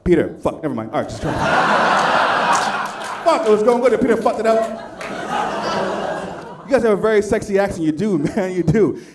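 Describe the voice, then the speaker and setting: Brash American stand-up comic, high voice. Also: male voice, lively intonation, moderate pace, long pauses, very noisy. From United States. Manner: brash, profane, punchy delivery. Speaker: stand-up comedian. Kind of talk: stand-up routine. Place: comedy club stage.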